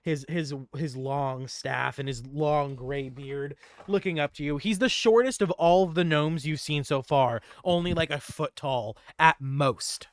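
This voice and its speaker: A man narrating a tabletop game as dungeon master, telling the story in animated, quick bursts. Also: on the high side, no echo, studio quality.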